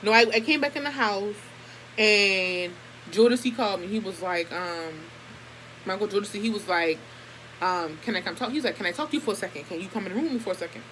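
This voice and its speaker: A woman's voice: medium pitch, fast, slight background noise, low-quality recording. A young woman telling a family story to her camera in a casual, profane and heated way. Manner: profane, animated, heated retelling. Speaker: vlogger.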